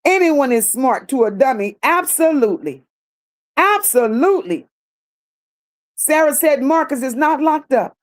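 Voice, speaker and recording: Her voice is high and expressive, and she doesn't rush. As a livestream host, she reads out what viewers comment and fires back blunt replies peppered with sassy, repeated lines.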